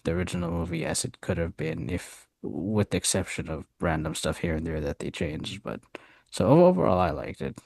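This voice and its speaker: A man talking casually on a podcast, animated and emphatic, laughing as he explains. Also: deep voice, a little fast, vocal fry, no room sound, studio quality.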